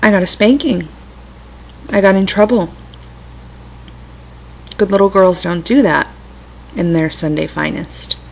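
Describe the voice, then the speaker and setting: A middle-aged woman talking gently and reflectively to her computer's webcam at home, with self-amused asides. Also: mid-range voice, unhurried, gravelly, pauses often, low-quality recording. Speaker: vlogger sharing personal stories. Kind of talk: casual spiritual talk to camera. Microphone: computer webcam mic.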